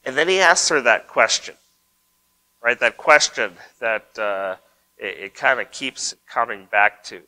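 A man delivers a sermon as pastor, reading scripture and then unpacking it in a relaxed, conversational way. His voice is bright and forward, sitting at an average pitch for a man. He keeps checking in with his listeners through quick rhetorical asides. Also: poor audio. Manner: conversational preaching with frequent "right?" asides; reads scripture aloud, then comments on it.

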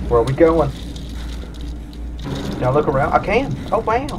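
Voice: medium pitch, sing-song, normal speed, recorded from a distance, background noise. A gamer giving let's-play commentary on a horror game, pleading and laughing nervously at the scares.

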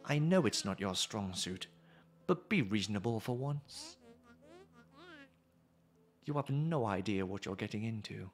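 A man reading as a hushed, scornful dark double. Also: fairly low pitch, lively intonation, measured pace, long pauses, voice pushed down. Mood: cold, scornful. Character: sinister female dark reflection, cold and scornful.

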